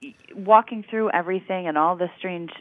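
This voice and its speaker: A co-host talking through a true-crime case in a measured, analytical way, stopping and restarting often. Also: mid-range voice, no echo. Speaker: podcast co-host. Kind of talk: casual chat about a true-crime series. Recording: tinny phone-like remote line.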